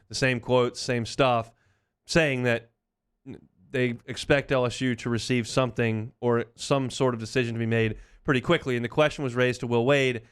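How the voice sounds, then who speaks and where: A man's voice: medium pitch, smooth. A man hosting a sports talk radio show, chatting in an opinionated, conversational way.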